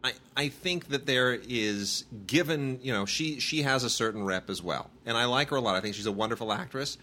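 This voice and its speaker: A man's voice: medium pitch, brisk, bright, forceful tone. A man in his thirties, a podcast co-host, chatting casually about movies and rambling with many restarts. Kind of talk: casual chat reviewing movies.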